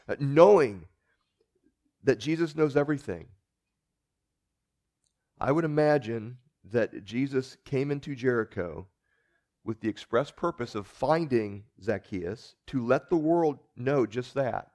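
A male pastor gives a conversational sermon in an earnest manner, frequently repeating words and checking in with his listeners. His voice is a little high.

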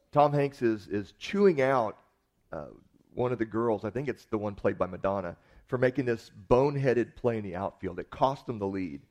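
A man's voice: mid-range voice, darkish tone. A man preaching a sermon, with conversational storytelling and earnest emphasis.

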